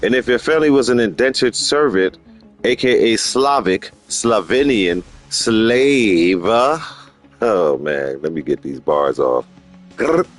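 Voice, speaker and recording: A middle-aged man hosting a gaming livestream in casual street slang. He rambles and repeats himself for emphasis, jumping into high-pitched voices when he quotes people. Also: measured pace, faint music behind. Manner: rambling and opinionated, slips into animated high-pitched quoting of others.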